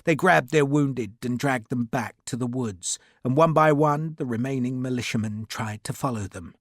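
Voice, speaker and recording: A man's voice: mid-range voice, normal speed, no echo, studio quality. A man reading a historical adventure novel aloud as an audiobook, with vivid, dramatic storytelling. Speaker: audiobook narrator. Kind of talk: scripted narration.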